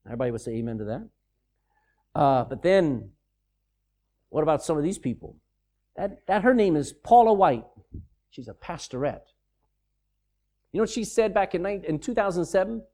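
Male preacher, sermon, lively pitch, mocking tone, emphatic delivery. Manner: mocking, sarcastic asides; animated and emphatic.

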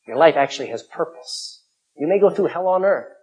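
A middle-aged male pastor preaching a sermon, emphatic, swinging from loud calls to hushed asides. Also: sits high, wildly swooping pitch, normal speed, vocal fry, long pauses, slightly rough.

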